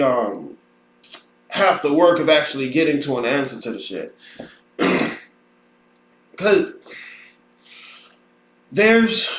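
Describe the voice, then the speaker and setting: A blunt, profane man hosts a casual podcast rant with a high-pitched voice that swings widely. He mocks other people's voices as he goes. His voice rings with a roomy echo. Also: a bit bright. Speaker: podcast host. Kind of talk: ranting casual talk.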